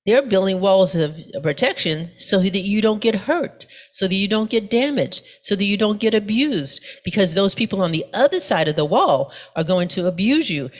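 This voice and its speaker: A woman's voice: mid-range voice, animated, moderate pace, few pauses. A middle-aged woman pastor giving a sermon in a conversational storytelling way, full of asides and fillers.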